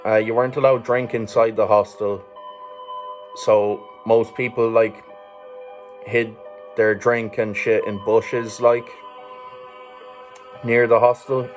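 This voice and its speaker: Low, flat-voiced Irish man rambling. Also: takes it slowly, pauses often, soft background music. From Ireland. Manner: rambling, sweary, with frequent fillers and chuckles. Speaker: vlogger. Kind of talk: casual storytelling monologue.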